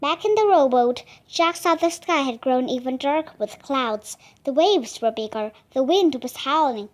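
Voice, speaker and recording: A woman reading a children's book aloud, careful and deliberate. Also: high voice, animated. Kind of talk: storybook read-aloud.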